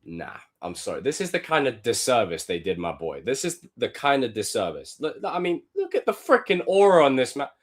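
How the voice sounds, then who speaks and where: A young male streamer talks through film clips in a loose, profane live-stream style. His pitch leaps up and down in bursts, with a mid-range voice and sudden loud exclamations. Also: brisk, few pauses. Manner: animated, profane, loud outbursts.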